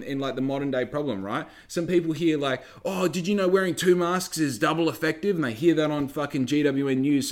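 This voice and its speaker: A man's voice: a little high, darkish tone. A young Australian man telling a rambling story in casual talk, swearing often and firing off rhetorical questions.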